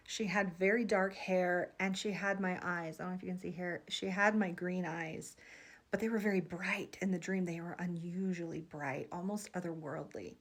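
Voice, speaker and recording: A woman's voice: fairly low pitch, normal speed, a bit bright. A woman in her thirties, a psychic, telling a vivid dream to her viewers in an earnest, emotional vlog monologue. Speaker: psychic vlogger.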